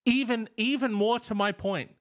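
A man's voice: high-pitched, fairly even intonation, normal speed, fairly bright tone. A man co-hosting a casual advice podcast, joking around and riffing into mock-indignant rants. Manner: jokey, riffs on ideas, mock-indignant rants. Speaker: podcast co-host.

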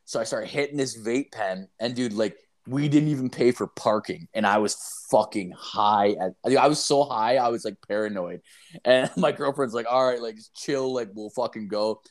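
At a moderate pace and in a mid-range voice, a man spins a rambling, profane story in casual chat. Animated throughout, he acts out quoted lines and keeps dropping "like" and "dude."

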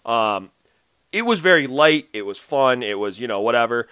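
A man's voice: medium pitch, very animated, moderate pace, sharp tone, smooth, dry recording, studio quality. A man hosting a casual podcast chat, rambling and laughing as he recaps a reality show. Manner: chatty, rambling, laughs often, restarts a lot. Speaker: podcast host.

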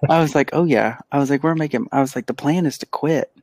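A man co-hosting a podcast, telling an animated, casual story and acting out the quotes. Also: fairly high pitch, quick pace, no echo. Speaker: podcast co-host; pediatric physical therapist. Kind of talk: casual chat.

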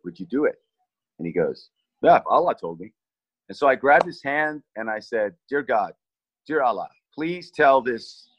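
A man's voice: medium pitch, a bit bright, no room sound, poor audio. A middle-aged man earnestly recounting a rescue he led, often restarting and repeating words as he remembers. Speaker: relief team leader recounting a rescue. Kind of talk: personal storytelling in conversation.

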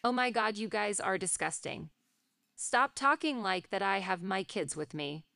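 A woman's voice: medium pitch, expressive, measured pace, creaky, bright, forceful tone, no echo, studio quality, heavily acted. A synthetic female voice playing a young mother who scolds in short, curt lines. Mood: disgusted. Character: disgusted young mother shielding kids.

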